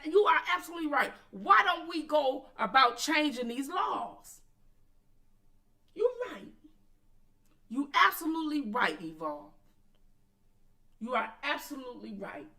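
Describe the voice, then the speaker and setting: A high, bright woman, hosting a commentary stream. She talks in blunt, profane bursts and answers her chat directly. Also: big pitch swings, unhurried, pauses often. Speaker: commentary channel host. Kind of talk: casual commentary, addressing viewers and chat.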